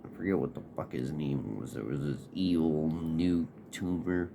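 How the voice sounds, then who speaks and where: A man's voice: a bass voice, moderate pace, vocal fry. A man casually telling a personal story in a laid-back, profane, rambling way. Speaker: podcast host. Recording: noisy background hiss.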